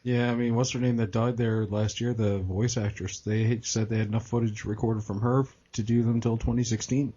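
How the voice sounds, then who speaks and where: A man co-hosting a casual gaming podcast, jokey and quick to quote lines. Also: on the low side, little pitch movement, dark tone. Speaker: podcast co-host. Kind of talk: casual chat. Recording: dull lo-fi podcast audio.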